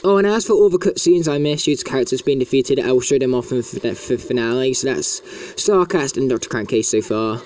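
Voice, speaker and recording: A man's voice: mid-range voice, animated, fairly quick, few pauses, a little mellow. A man chatting casually as he plays a video game, in a talkative, self-mocking way. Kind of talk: casual gameplay commentary.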